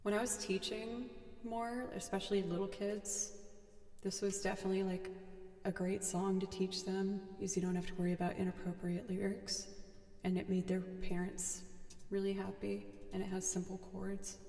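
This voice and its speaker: Her tone is warm and level, her pitch medium and her pace moderate. She's a young streamer and musician from outside Boston, Massachusetts, casually talking with livestream viewers about music and her loops, reading chat aloud and poking fun at herself.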